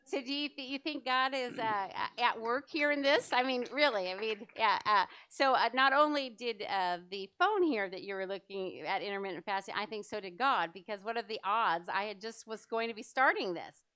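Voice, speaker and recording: Middle-aged woman, church seminar presenter, enthusiastic chatter, smooth higher voice. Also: moderate pace, hardly any pauses, sharp tone, no echo. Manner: chatty, enthusiastic, many fillers. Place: church hall.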